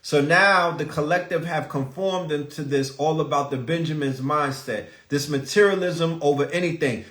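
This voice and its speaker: A man's voice: fairly high pitch, moderate pace, hardly any pauses, fairly bright tone. Preachy, profane man in an echoey room. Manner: profane, preachy, rhetorical questions. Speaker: podcast host. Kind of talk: live-stream rant.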